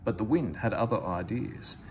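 A man reading a children's train storybook aloud, with expressive narration. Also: fairly low pitch, normal speed, slight background noise. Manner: expressive, lively character reading. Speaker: storybook reader.

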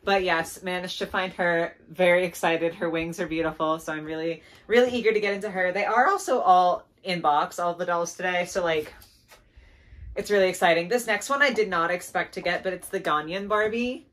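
A young woman talks through her doll haul in an easy, chatty way. She gushes and giggles, with her voice sitting a touch low for a woman. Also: brisk. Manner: gushing, excitable, giggly, lots of "like". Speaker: doll collector vlogger. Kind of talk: casual doll haul chat.

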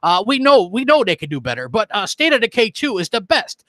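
A man putting on a drawling Southern accent to voice a dim, gushing male fanboy, speaking haltingly. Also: sits high, big pitch swings, sharp tone, dry recording, voice pushed up, heavily acted. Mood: mocking. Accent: American Southern (put on).

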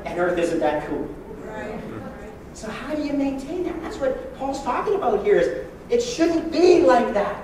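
Lively preacher man in an echoey hall. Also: very high-pitched, measured pace, far from the mic, crowd noise. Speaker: pastor. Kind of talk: sermon.

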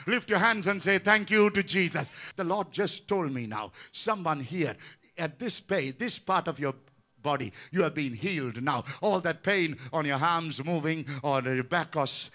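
A man's voice: high-pitched, sharp tone. A man in his sixties leading a healing service as pastor, fervent and repetitive in call-and-response. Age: 60s.

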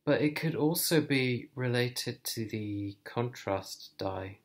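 A man talking to camera in a personal vlog, thoughtful and hesitant, thinking aloud with many pauses. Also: medium pitch. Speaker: vlogger.

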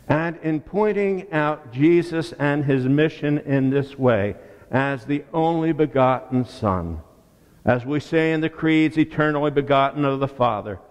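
A man preaching a sermon as pastor, deliberate and emphatic, with rhetorical questions and repeated words. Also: mid-range voice, a little mellow. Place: church sanctuary. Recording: long church reverb.

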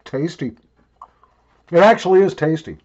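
A man's voice: on the high side, expressive, moderate pace, darkish tone, dull audio. An older man rambling and joking crudely while he talks around a wad of chewing tobacco in a casual review video.

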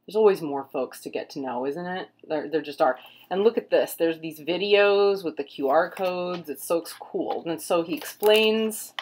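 A middle-aged woman with a fairly low voice talks casually at home as she flips through pages. She rambles, pauses on fillers and keeps a relaxed, chatty flow. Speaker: tarot reader and vlogger. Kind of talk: casual book flip-through. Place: home room with pets.

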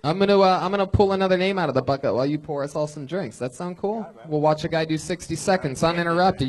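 High-pitched guy hosting a comedy club show, hyped and crude, teases people. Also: fast, hardly any pauses. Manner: loud, excitable, crude and teasing. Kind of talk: live stand-up show hosting.

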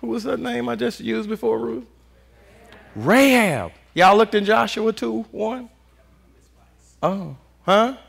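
A man preaching a sermon as pastor, in animated call-and-response style with constant "Amen" and casual vernacular with "y'all". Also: high voice, slow, creaky, pauses often. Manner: Southern US Black vernacular speech, "y'all".

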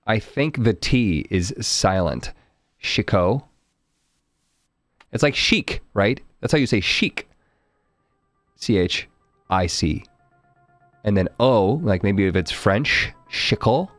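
Man from Arkansas, game streamer, lowish voice, wry and foul-mouthed, faint music behind. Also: expressive, slow pace, no room sound, clean studio sound. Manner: profane, wry, talks to his chat. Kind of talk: casual live-stream game commentary.

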